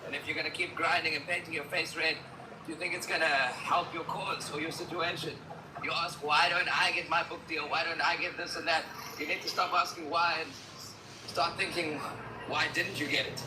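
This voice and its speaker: Brief: male caller, scolding and confrontational, a bit high, roomy distant audio with noise behind. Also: flat delivery, normal speed. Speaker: caller on a live stream. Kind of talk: heated argument.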